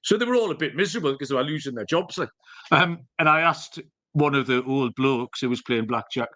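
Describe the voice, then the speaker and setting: A man's voice: mid-range voice, expressive, fairly quick, pushed and bright. A man co-hosting a podcast, telling jokey, rambling stories with the odd swear word. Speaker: podcast co-host. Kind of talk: casual chat.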